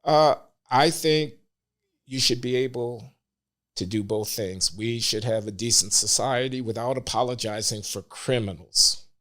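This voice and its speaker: An older man, a podcast guest, speaking in a measured, deliberate way that becomes emphatic. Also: mid-range voice, fairly bright tone. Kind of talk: interview conversation.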